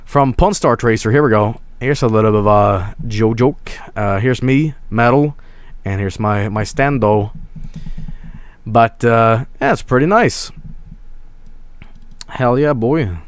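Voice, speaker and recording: A man's voice: medium pitch, slow, long pauses, smooth, no echo. A man streaming, chatting casually to his viewers in a rambling, crude, swear-filled way.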